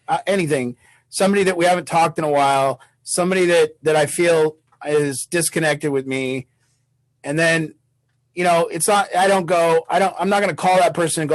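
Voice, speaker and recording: A man's voice: a little high, rough recording. A man leading a recovery support group on a video call, talking bluntly and swearing freely, acting out what others might say.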